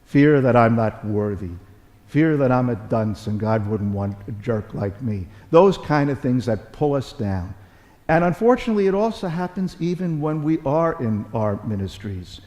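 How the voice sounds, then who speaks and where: A middle-aged bishop preaching at Mass keeps his homily conversational, telling folksy stories, repeating phrases, and joking about himself. He has a mid-range, darkish voice with lively intonation at a moderate pace, and the large church produces a long reverb.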